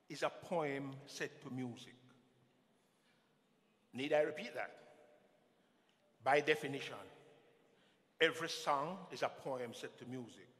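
High, bright Jamaican man chanting poetry. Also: in a large hall. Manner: chanting, call-and-response, animated shifts between loud and hushed. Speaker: poet performer. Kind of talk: rhythmic spoken-word dub poetry performance. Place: festival stage in a hall.

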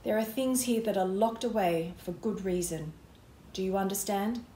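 A woman reading a calm, grave older grandfather who gives gentle warnings. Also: mid-range voice, normal speed, roomy sound, a little hiss or hum, natural voice. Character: kindly older grandfather, a former magician.

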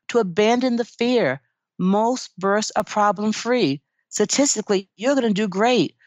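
A woman's voice: lowish voice, no room sound. A woman midwife giving earnest, encouraging advice in a podcast interview, often saying "you know". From United States. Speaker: midwife guest.

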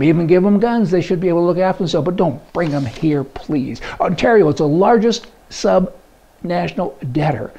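A Canadian commentary blogger delivers a folksy, indignant, rambling political monologue full of opinion. His voice is fairly high, gravelly and warm.

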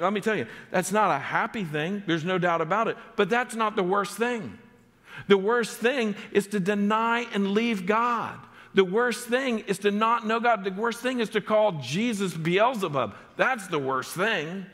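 A man preaching a sermon as pastor, emphatic, with his voice rising sharply on key points and dropping low on others. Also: measured pace. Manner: emphatic preaching with sharp rises and drops in pitch. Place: church sanctuary. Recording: long church hall reverb.

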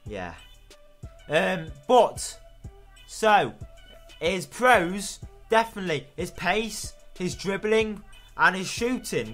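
A young man with a British accent giving excitable live commentary over his own football gameplay. He swears freely and yells at the referee. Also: sits high. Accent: British English. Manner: excitable, swearing, shouting at the ref. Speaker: gaming video host.

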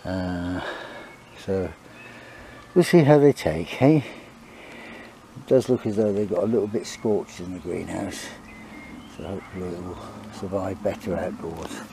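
A man talks his way through his allotment garden in an unhurried, mellow voice, filmed on a handheld camera outdoors. Faint outdoor noise sits behind him as he chats to the viewer and coaxes his dog. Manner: chatty, talks to his dog in a high coaxing voice. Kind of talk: casual vlog narration.

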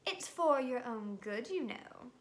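Lady doing a high sing-song cackling ghost guy, gleeful little troublemaker, storybook voice. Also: animated, slow pace. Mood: gleeful taunting. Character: mischievous male poltergeist, gleeful and taunting.

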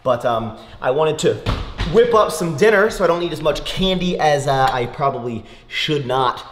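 A man's voice: on the high side, expressive, normal speed, roomy sound, a little hiss or hum. A young man vlogging casually, rambling with lots of fillers and breaking into a sponsor read.

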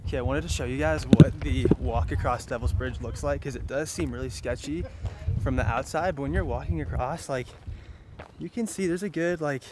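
A young man vlogging casually outdoors with excitable, hyped energy, talking to a handheld camera. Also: mid-range voice, brisk, very noisy. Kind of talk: casual travel vlog chat. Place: outdoors on a hike and in a gas station.

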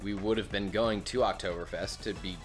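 A man's voice: on the low side, fairly even intonation, a little fast, soft background music. A man co-hosting a casual gaming video, chatting and joking and breaking into silly character voices. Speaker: gaming channel co-host. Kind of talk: casual gameplay chat.

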